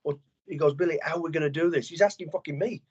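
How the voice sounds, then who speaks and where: Middle-aged man, ex-soldier guest, animated and profane; slightly high voice on lo-fi audio. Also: very fast, husky. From England. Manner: blunt, heavy swearing, animated storytelling. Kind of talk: casual interview chat.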